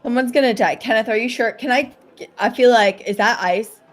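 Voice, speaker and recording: A woman's voice: a little high, a little fast. A woman playing a tabletop role-playing game, speaking in character with playful, teasing retorts. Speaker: player. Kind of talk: casual in-character play.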